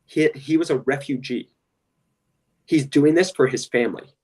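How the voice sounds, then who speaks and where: A man's voice: mid-range voice, normal speed, darkish tone, slightly rough, far from the mic. Blunt, impassioned man on a podcast. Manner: blunt, impassioned, repeats "straight up" and "literally". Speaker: podcast co-host. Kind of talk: casual podcast talk.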